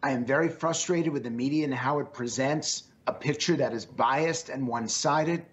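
A man's voice: mid-range voice, normal speed, dull audio, a little hiss or hum. A man speaking as a guest in an interview, earnest and emphatic, with a strained voice, often repeating his phrases. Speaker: pollster guest. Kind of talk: remote interview answers.

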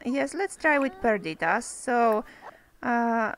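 Woman gamer, high bouncy voice, chatty play-by-play. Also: expressive, slow pace, rough recording. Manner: chatty, talks to game characters, exclaims over cute moments. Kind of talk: casual gameplay commentary.

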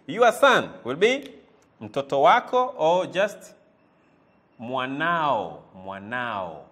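A man's voice: medium pitch, huge pitch swings, slow pace, fairly bright tone. A man teaching a language lesson, repeating words and quizzing the listener with "eh?" as he goes. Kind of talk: lively spoken language lesson.

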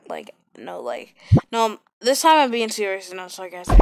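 A woman's voice: mid-range voice, sing-song, normal speed, creaky. A woman giving casual, sarcastic gameplay commentary into a close mic, with sudden exclamations. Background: loud game music.

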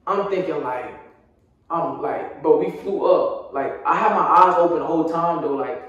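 A young man with a fairly high voice spins a loose, slangy story for his viewers, dropping fillers as he goes. He sits back from the mic in a very echoey room. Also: moderate pace, fairly bright tone, far from the mic, muffled recording. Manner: casual, slang-heavy storytelling with frequent fillers. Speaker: vlogger. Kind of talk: storytime vlog.

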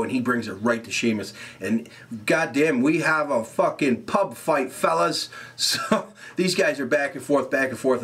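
Young man, casual recap, curses a lot, laughs often, mid-pitched. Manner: animated, laughs often, rambling fillers. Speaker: wrestling show reviewer. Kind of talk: casual recap, heavy swearing.

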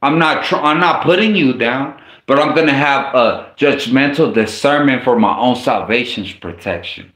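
A man's voice: mid-range voice, normal speed, hardly any pauses, a bit bright. A man preaching an informal sermon and reading scripture aloud, speaking in a casual, slangy way with frequent stumbles and restarts. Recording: echoey room.

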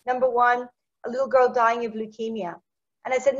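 A woman sharing her personal testimony as an interview guest, her voice a touch higher than most. She brings her story to life by acting out the lines of the people in it. The recording sounds dull and lo-fi. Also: fairly quick. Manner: lively storyteller who acts out quoted dialogue.

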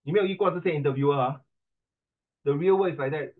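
A man's voice: a little high, fast. Man, Singaporean accent, middle-aged, exam tutor, mixes English and Mandarin, scolding humor, narrow tinny line. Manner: switches between English and Mandarin, teasing and scolding students. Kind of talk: animated classroom lesson. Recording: tinny phone-like audio.

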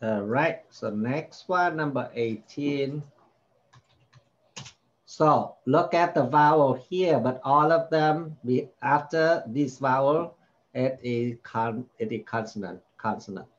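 A man's voice: medium pitch, takes it slowly, dull audio. A man tutoring a child in spelling, patiently repeating each word and sounding out its vowels. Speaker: home tutor.

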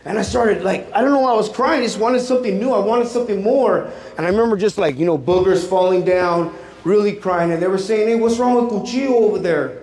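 Middle-aged male youth speaker, emphatic streetwise testimony, high voice, roomy echo. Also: a little fast, darkish tone. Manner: emphatic, streetwise slang, repeats key phrases. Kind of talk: personal testimony to teens. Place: large room with a teen audience. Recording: echoey room.

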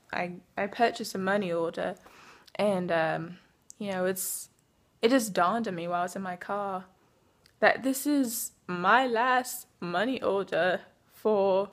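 A woman's voice: mid-range voice, a bit bright. Young woman rambling in a put-on British accent. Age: young adult. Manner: rambling, many fillers. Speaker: vlogger. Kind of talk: casual vlog talk. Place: in her car.

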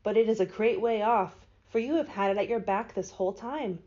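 A woman doing a squeaky tiny mouse queen. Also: brisk, darkish tone, natural voice. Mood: helpful. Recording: dull lo-fi recording.

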